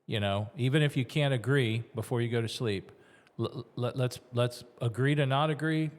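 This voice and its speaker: A man's voice: mid-range voice, a little mellow. Married man chatting, echoey room. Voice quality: stammering restarts, dry humor. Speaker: podcast co-host. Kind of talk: casual conversation.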